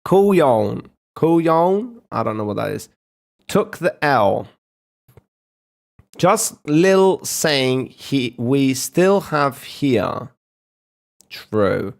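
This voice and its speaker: A man's voice: medium pitch, lively intonation, drawn-out words, vocal fry, pauses often. A young man streaming and reacting to videos in casual, profane banter, joking around and trying out accents.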